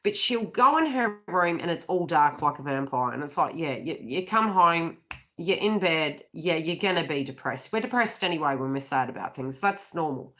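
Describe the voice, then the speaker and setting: A woman's voice: deep voice, lively intonation, moderate pace, bright, forceful tone. Chatty Australian woman tarot reader. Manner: chatty, giggly, swears freely. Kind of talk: casual tarot reading. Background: birds calling.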